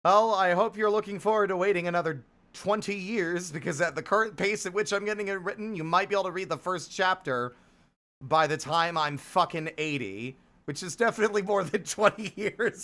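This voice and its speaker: A man's voice: sits high, brisk, sharp tone. Profane self-deprecating male streamer. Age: 30s. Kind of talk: casual live-stream chat.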